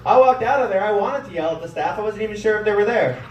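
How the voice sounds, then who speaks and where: A man's voice: high-pitched, animated, quick pace, a little hiss or hum. A man performing a stand-up comedy set, telling stories animatedly and acting out what his friends said. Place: comedy club stage. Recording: echoey room mic'd from a distance.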